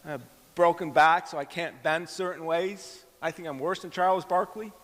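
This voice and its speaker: A middle-aged pastor preaches a sermon in a church hall, telling a personal story and acting out the quoted dialogue. His voice is a little high and fairly bright, with a steady tone and moderate pace. Long hall reverb fills the recording.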